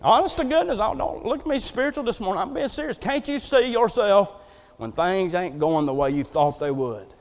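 Male pastor, folksy preacher, very high voice, long hall reverb. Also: lively intonation, a little fast. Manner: folksy, joking, swings from soft asides to loud preaching. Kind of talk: sermon.

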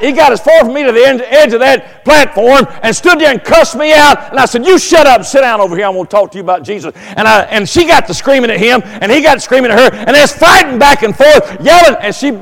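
A man preaching a sermon as pastor, telling folksy stories and rising to loud, emphatic preaching. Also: very high voice, vocal fry, big-room sound. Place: church sanctuary.

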